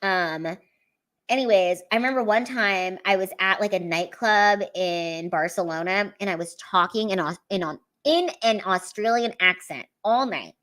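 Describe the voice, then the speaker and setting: An excitable woman from the United States, talking loosely on a livestream after her comedy shows. She laughs a lot, swears without a second thought, and keeps dropping sentences halfway to restart them. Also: medium pitch, normal speed. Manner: chatty and excitable, laughs often, swears casually. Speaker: stand-up comedian. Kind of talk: casual livestream chat reading viewer comments.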